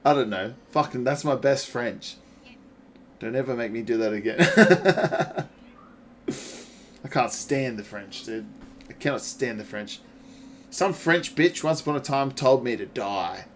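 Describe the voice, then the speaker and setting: Slow-talking, swearing gaming streamer man. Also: mid-range voice, lively intonation, a little hiss or hum. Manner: swears freely, laughs often, talks back to chat. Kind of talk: casual gaming livestream chat.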